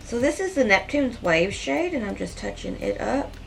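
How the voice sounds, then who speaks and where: A woman's voice: fairly high pitch, lively intonation, normal speed, gravelly, soft background music. A woman doing a casual makeup tutorial, rambling in a chatty, heartfelt way and peppering her talk with "like". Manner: rambling, chatty and heartfelt, with frequent "like" and soft laughs. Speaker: makeup vlogger.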